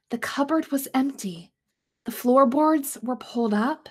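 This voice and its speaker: A woman's voice: high voice, unhurried. A young woman reading a picture book aloud to children, stopping to ask them questions about the pictures. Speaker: school staff reader. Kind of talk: children's storytime read-aloud.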